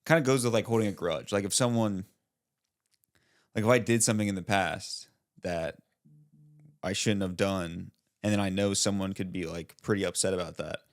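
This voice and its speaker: A man's voice: low voice, fairly even intonation, normal speed. A young man co-hosting a podcast, rambling with lots of fillers and tossing out playful questions. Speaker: podcast co-host. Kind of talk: casual chat.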